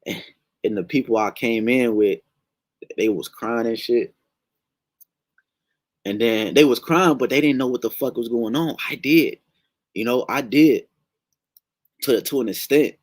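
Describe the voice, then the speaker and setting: A man's voice: medium pitch, a little slow, pauses often, no room sound. A young man recounting a dream in a casual, rambling way, emotional and slangy, swearing often. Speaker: testimony sharer. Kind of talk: casual spoken testimony.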